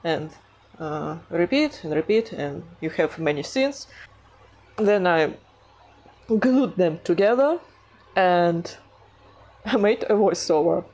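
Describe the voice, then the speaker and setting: Woman with a foreign accent, casual art vlogger, slow, halting, giggly, self-deprecating. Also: on the low side, animated, darkish tone. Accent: non-native English accent. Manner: hesitant, many fillers, self-conscious giggling. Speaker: animation artist vlogger. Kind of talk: casual vlog narration.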